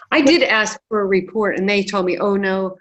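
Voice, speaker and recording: A woman's voice: mid-range voice, animated, moderate pace, a bit bright. Female participant, chatty, conversational, in a group session. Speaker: program participant.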